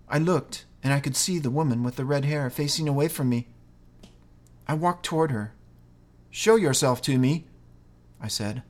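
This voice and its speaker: A man reading out a first-person ghost story in a slow, measured way. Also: mid-range voice. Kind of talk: scripted first-person narration.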